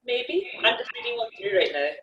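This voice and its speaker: A man's voice: very high voice, big pitch swings, a little fast, sharp tone, lo-fi sound. A man chatting enthusiastically on a video call, swearing casually. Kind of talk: casual chat on a live call. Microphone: video call, away from the mic. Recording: distant, echoey room with faint noise.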